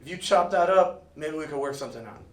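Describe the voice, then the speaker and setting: A man's voice: a little high, animated, fast talker, lightly acted. A man telling a story puts on a blunt, irate older woman homeowner who talks in clipped broken English, heard in an echoey room from far off. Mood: bargaining.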